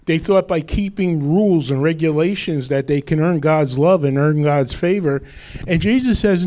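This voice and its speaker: A man's voice: fairly high pitch, lively intonation, moderate pace, darkish tone. A man preaching a sermon as pastor, quoting scripture with rising emphasis.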